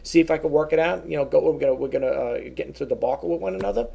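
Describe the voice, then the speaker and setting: A middle-aged man rants to his vlog audience about a grievance, rambling and restarting his sentences as he quotes both sides of a phone call. His voice sits a bit high and sounds gravelly and husky. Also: very fast, mellow. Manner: repeats and restarts words, rambling. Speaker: vlogger. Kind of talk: casual ranting vlog.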